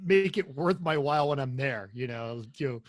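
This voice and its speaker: A man's voice: medium pitch, lively intonation, moderate pace, no room sound, studio quality. A man co-hosting a casual racing podcast, rambling and jokey, often repeating words. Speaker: podcast co-host. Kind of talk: casual chat.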